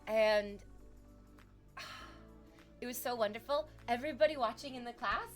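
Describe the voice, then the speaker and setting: A woman's voice: fairly high pitch, quick pace, soft background music. A young adult woman streaming, chatting casually and reflectively, candid and swearing freely. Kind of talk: casual chat.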